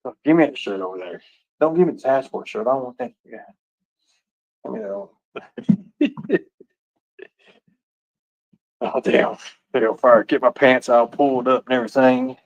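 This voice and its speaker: A middle-aged man with a gravelly, creaky voice, chatting casually while reacting to a video. He rambles, laughs often and swears a lot. The recording sounds dull and dry. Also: medium pitch, moderate pace, pauses often, no echo.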